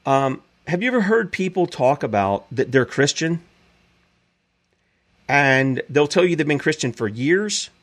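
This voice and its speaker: A man preaches his commentary with emphatic force. His pitch sits a little high and swings widely, rising and dropping as he drives each point home. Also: big pitch swings, a little slow. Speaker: show host and preacher.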